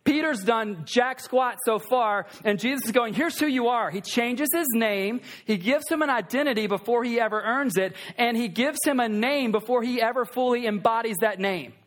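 Pastor, male, high voice, chatty animated sermon with crowd asides. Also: normal speed, hardly any pauses. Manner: conversational, animated, talks to the congregation with asides.

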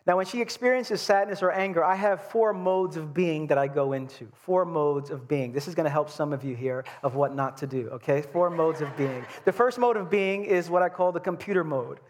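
A man's voice: fairly high pitch, brisk, few pauses. A male pastor from Brooklyn preaching a sermon, telling stories animatedly and acting out scenes with humor. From Brooklyn, New York.

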